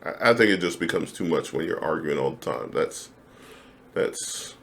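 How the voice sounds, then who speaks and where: Low-voiced man in his forties, emphatic. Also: moderate pace, creaky. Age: 40s. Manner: emphatic, animated, jumps high when mimicking others. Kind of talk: casual chat.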